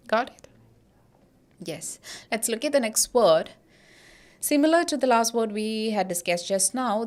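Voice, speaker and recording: Slow-talking woman teaching pronunciation. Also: on the high side. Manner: repeats words and checks in with "okay?" and "got it?". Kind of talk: slow, deliberate classroom explanation.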